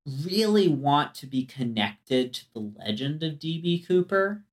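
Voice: medium pitch, lively intonation, a little slow. A podcast co-host in a casual chat, telling stories in a meandering, chatty way.

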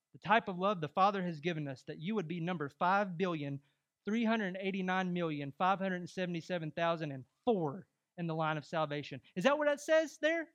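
A young adult man preaching a sermon as pastor, emphatic and rising to loud exhortation. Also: sits high, dull audio.

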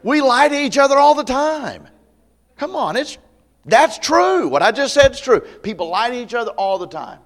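A man pastor preaching a camp meeting sermon to a congregation, conversational and folksy, with humor and loud emphatic peaks. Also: very high-pitched, sing-song, moderate pace. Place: church meeting before a live congregation.

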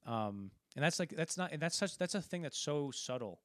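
A man's voice: fairly high pitch, animated, normal speed, no room sound, clean studio sound. A man casually talking through a film, rambling and acting out quoted lines as he retells scenes. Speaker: podcast co-host.

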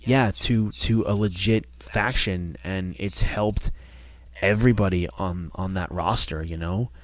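A man co-hosting a casual podcast chat, talking in an animated, rambling way with many restarts. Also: low voice, a little slow. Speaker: podcast co-host.

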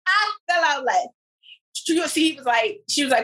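Casting: woman podcast co-host, fairly high voice, animated slangy storyteller. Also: a little fast, low-quality recording. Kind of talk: casual chat.

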